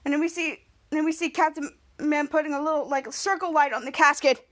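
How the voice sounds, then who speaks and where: A woman's voice: high voice, brisk, fairly bright tone. A woman podcast host casually recapping a TV episode, rambling and correcting herself as she goes. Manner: rambling, self-correcting retelling.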